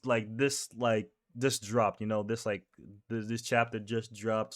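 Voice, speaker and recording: With a mid-range, slightly bright voice, this young man reads a manga chapter casually as a reaction host, rambling, chuckling, and self-correcting as he goes.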